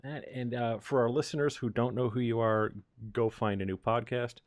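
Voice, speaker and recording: A man's voice: mid-range voice, moderate pace. A man hosting a podcast, casual and teasing with his guest. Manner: joking, teasing. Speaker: podcast host. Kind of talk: casual chat.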